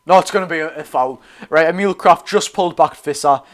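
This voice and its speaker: Talking viewers through a live match, this young Geordie watchalong host keeps his commentary loose and chatty. His brisk, fairly bright voice sits a little above the usual male pitch, and he frequently corrects himself while shouting out to the lads.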